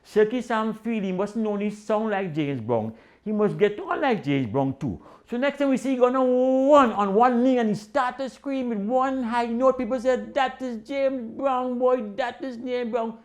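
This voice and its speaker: An older Trinidadian man spins a comic yarn in rich island dialect. His pitch leaps and dips all over as he acts out each character. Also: moderate pace, hardly any pauses. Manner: animated Caribbean-dialect storytelling with voiced quotes. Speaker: storyteller. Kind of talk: comic storytelling.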